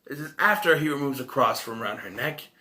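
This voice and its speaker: A man's voice: medium pitch, animated, brisk, bright, forceful tone. A man giving a casual spoken movie review, recapping the plot in a rambling way, correcting himself and tossing in wry asides. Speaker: film reviewer.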